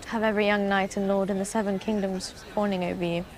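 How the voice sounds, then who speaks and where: A woman's voice: medium pitch, flat delivery, quick pace, darkish tone, slight background noise, close to an everyday voice. An actress playing a guarded young queen who speaks with dry delivery. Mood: wry.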